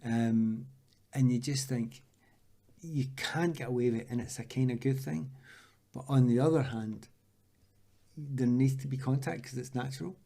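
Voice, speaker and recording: A Scottish man in his sixties, a former footballer, telling lively anecdotes in an interview and acting out the voices of the people he quotes. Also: medium pitch, normal speed, gravelly. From Scotland.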